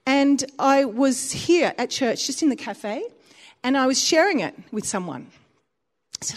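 A woman preacher giving a sermon in a church. She tells stories in an animated way, with big swings in pitch and frequent laughter. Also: normal speed.

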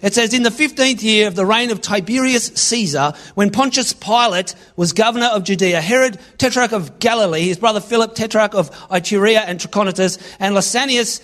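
A man preaching a sermon, reading scripture aloud and acting out lines with sudden loud bursts. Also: high-pitched, fairly quick, few pauses. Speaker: pastor.

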